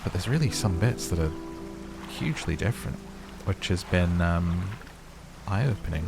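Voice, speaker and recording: A man's voice: deep voice, animated, normal speed, vocal fry. A man with a London accent chatting casually while playing a video game and reading its text aloud. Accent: London English. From England. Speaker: gameplay streamer. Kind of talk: relaxed let's-play commentary. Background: game music.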